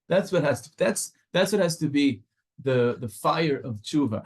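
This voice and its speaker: A man's voice: on the high side, expressive, moderate pace, slightly rough. A man teaching a Torah class with passion, moving back and forth between Hebrew and English.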